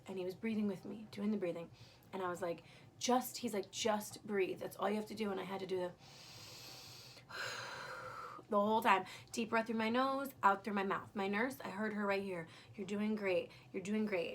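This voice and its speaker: A woman's voice: medium pitch, fairly bright tone, a little hiss or hum. A young woman candidly recounting her birth story in casual, emotional storytelling, swearing freely.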